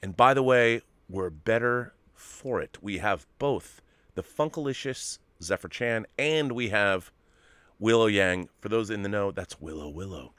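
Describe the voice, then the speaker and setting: A man co-hosting a casual live stream, talking in an animated, emphatic way and swearing freely. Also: lowish voice, measured pace, no room sound. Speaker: co-host.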